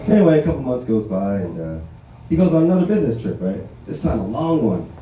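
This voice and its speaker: This Los Angeles comedian works a barbershop comedy show with a loose, profane set of stories, capping lines with "right?". He speaks at a medium pitch, very animated and quick, with a warm tone and a little hiss or hum on the audio. The mic is distant in a very echoey room.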